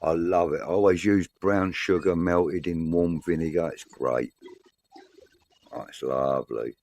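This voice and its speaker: Low-voiced man in casual banter. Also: steady tone, a little slow, a little mellow, a little hiss or hum. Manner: banter, swearing, laughing. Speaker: podcast co-host reading viewer comments. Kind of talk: casual fan chat.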